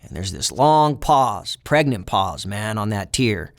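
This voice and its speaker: A man's voice: on the low side, big pitch swings, slow pace. A young man, an interview guest, telling a personal story in a casual, reflective way and voicing the people in it. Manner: casual, reflective retelling with acted quotes of other inmates.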